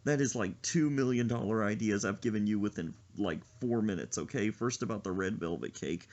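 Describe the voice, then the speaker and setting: A man's voice: fairly low pitch, fairly quick, muffled recording. A man co-hosting a podcast in casual chat, telling stories animatedly and laughing often. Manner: animated storytelling with frequent laughter. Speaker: podcast co-host.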